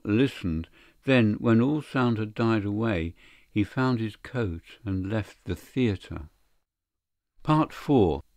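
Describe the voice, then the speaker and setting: A man narrating a classic short story in a measured, steady audiobook reading. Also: on the low side, no echo. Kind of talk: scripted literary narration.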